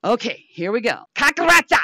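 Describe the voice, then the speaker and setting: A woman hosting a casual chat, playful and bursting loud when she tries foreign words. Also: mid-range voice, expressive, normal speed, no room sound, clean studio sound. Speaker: show host.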